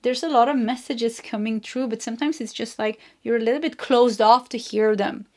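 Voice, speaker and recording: A woman with a fairly high voice reads tarot cards to her viewers. She speaks gently and loosely, restarting phrases, laughing softly and hunting for the right word. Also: steady tone, moderate pace. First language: Swedish. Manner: gentle, rambling, searching for words, laughs often. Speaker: tarot reader. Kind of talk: intuitive tarot reading to camera.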